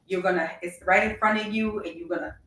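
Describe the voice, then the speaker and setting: A woman co-hosts a radio talk show, keeping a casual, supportive tone and chiming in with agreement. Her pitch sits in the middle range. She sounds distant from the mic, and the room echoes around her. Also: fairly even intonation, fairly quick, a bit bright. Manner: affirming, chimes in with agreement. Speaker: radio co-host.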